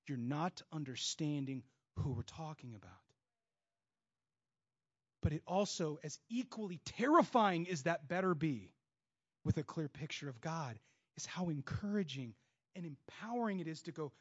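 A man preaching a sermon with passion, moving between loud bursts and hushed stretches. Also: a little high, expressive, moderate pace, husky. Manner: acts out God's voice and inner voices in quotes. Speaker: pastor. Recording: dull lo-fi sound.

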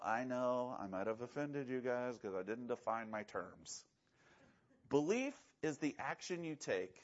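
A man preaching a sermon as pastor, animated, acting out quoted voices and swinging between loud and hushed delivery. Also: mid-range voice. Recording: dull lo-fi sound.

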